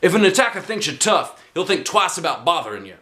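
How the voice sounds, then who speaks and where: A man doing a booming, showy karate teacher. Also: sing-song, fast. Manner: loud, booming, shouts battle cries. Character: showy male self-defense teacher, action-hero wannabe.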